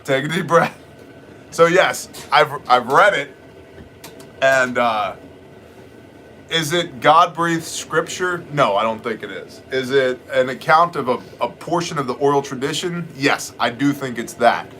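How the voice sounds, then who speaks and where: A man in middle age hosts a live stream with a bright, forceful voice. He talks in a blunt, joking, rambling way, with faint noise in the background. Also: medium pitch, a little slow. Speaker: livestream host answering chat questions. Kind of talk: casual live chat.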